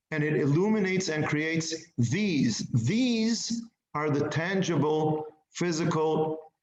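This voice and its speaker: Male teacher leading a text study; deliberate and emphatic; somewhat raised pitch, echoey lo-fi room sound. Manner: slow, deliberate, emphatic on key words; asks class questions. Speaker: Torah teacher.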